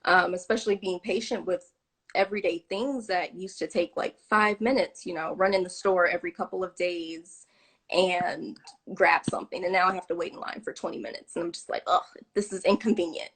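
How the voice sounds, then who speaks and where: A woman's voice: fairly low pitch, fairly even intonation, brisk, fairly bright tone, husky. A woman in her thirties, a guest chatting on a video call, with lots of ums and frequent laughs. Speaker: interview guest. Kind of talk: casual video-call interview.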